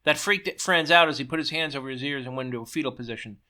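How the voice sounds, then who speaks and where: A man's voice: mid-range voice, fast, sharp tone. A man reading his own story aloud, stumbling and correcting himself as he goes.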